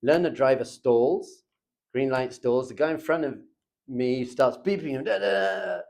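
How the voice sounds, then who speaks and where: A man teaching a lively Torah class in a classroom. He acts out little scenes and chuckles often as he talks. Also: medium pitch, moderate pace, gravelly.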